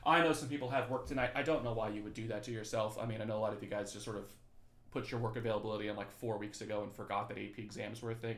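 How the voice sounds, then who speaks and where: A man's voice: on the low side, little pitch movement, racing, vocal fry, reverberant. A young male teacher casually chatting with students on a review livestream, joking and reading the chat aloud. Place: his apartment.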